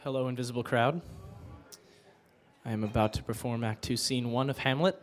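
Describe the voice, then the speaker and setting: A man at a bookstore open mic, bantering loosely and joking at his own expense. He rambles, trips over his words and tosses in quick asides, at a middling pitch into a handheld mic. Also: level tone. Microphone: handheld mic, then a mic stand.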